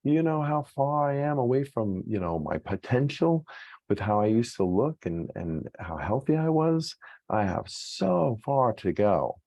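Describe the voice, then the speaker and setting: A man's voice: medium pitch, very animated, a little slow, vocal fry, a little mellow, no echo. A male psychologist giving an earnest, encouraging self-help talk on weight loss, often checking in with the listener.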